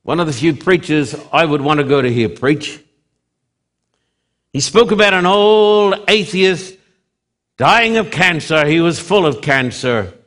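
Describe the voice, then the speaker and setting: A man preaching a sermon, swinging from loud emphasis to hushed drops, with slow, deliberate, repetitive phrasing. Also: a little high, lively intonation.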